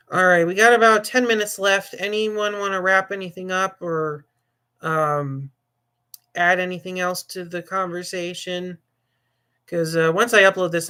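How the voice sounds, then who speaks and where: Male stream host, somewhat high, bright tone, loose and jokey, rambling chat. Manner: rambling and jokey, with frequent laughs and restarts. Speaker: livestream host. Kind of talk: casual livestream chat.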